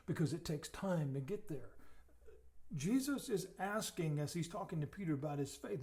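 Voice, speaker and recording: A man's voice: a little high, lively intonation, normal speed. A man teaching as a pastor, earnest, often repeating himself and dropping his voice for emphasis. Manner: earnest, repeats words, drops to soft emphasis. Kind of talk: sermon teaching.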